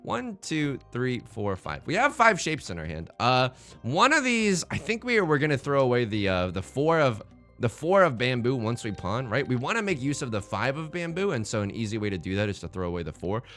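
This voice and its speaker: Excitable man commenting on his game. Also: mid-range voice, fairly quick, soft background music. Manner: excitable, joking, meme-heavy banter. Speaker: let's play host. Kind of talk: live gameplay commentary.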